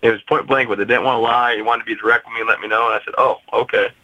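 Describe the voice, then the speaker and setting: A man in his twenties telling a personal story as an interview guest, steady and matter-of-fact. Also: mid-range voice, rapid-fire, muffled recording. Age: 20s.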